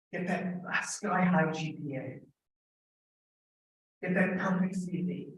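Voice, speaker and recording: A middle-aged man, a professor giving a humorous storytelling talk, animated and joking with bursts of emphatic shouting. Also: high-pitched. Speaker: guest lecturer, professor. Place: large echoing temple hall. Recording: echoey hall from far off.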